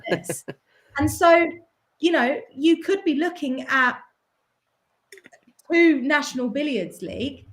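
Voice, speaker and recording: British woman, fairly high voice, animated and persuasive guest. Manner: animated, persuasive, fast bursts. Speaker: guest, professional pool player. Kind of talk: casual podcast chat.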